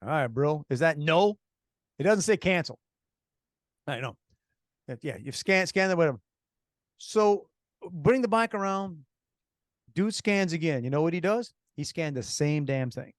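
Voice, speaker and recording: Animated sarcastic male radio co-host. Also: a little high, unhurried, pauses often, dry recording, studio quality. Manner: animated storyteller, sarcastic, many restarts. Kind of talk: casual radio chat.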